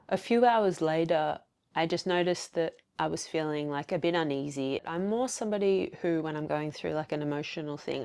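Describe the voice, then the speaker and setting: Low, gravelly woman sharing candidly. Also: darkish tone. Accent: Australian. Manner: candid, confessional, fillers and quoted self-talk. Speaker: podcast host. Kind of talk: reflective solo podcast monologue.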